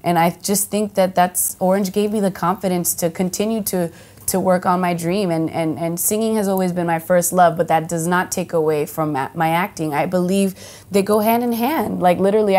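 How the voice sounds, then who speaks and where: An American actress and singer of Dominican heritage chats casually as an interview guest, full of fillers, restarts and lively quoted voices. Her female voice is on the low side and brisk.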